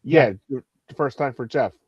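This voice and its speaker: Halting man with a dry close sound. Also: medium pitch, slightly rough, dry recording, dull audio. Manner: halting, many restarts and fillers. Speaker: podcast co-host. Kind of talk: casual chat.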